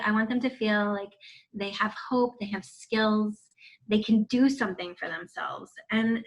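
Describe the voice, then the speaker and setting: This woman in her forties is a guest on a video-call interview, the founder of a wellness center, telling her story candidly with casual swearing and laughter. Her medium-pitched voice is a bit bright, though the recording is muffled.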